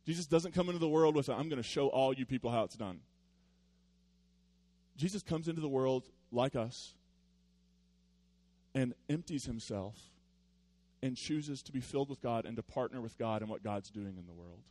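Speaking in a mid-range voice at normal speed, a male pastor delivers a sermon like he's telling stories, dropping in playful asides. He alternates between loud, lively outbursts and soft, sincere stretches.

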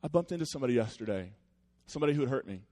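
A male pastor delivers a sermon in an earnest, conversational voice of middle pitch. He talks like he is chatting with friends, then settles into quieter, reflective stretches. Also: expressive, rapid-fire.

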